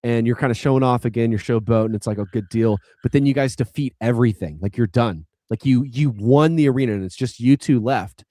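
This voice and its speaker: A man's voice: mid-range voice, a little fast, hardly any pauses, warm tone, no echo. Man, podcast co-host, casual rambling chat, dry close sound. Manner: rambling with many likes and restarts. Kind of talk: casual chat retelling a game story.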